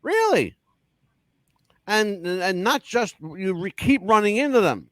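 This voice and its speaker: Sex: man. Role: profane, animated talk-radio host. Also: high-pitched, takes it slowly, no room sound. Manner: animated storyteller, crude and profane. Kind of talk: casual talk-radio chat.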